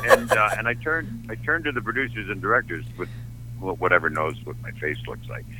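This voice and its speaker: A man's voice: lowish voice, very animated, brisk, bright, forceful tone, slight background noise, rough recording. An older man from Canada, an actor, telling candid and emotional stories from his life in an interview, often restarting his sentences. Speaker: actor guest. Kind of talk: anecdotal interview storytelling.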